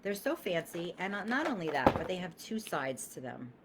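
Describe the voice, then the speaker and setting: A woman's voice: on the low side, very animated, normal speed, background noise. A woman in her thirties, a business coach on a live stream, talking emphatically, swearing freely and acting out the voices she quotes.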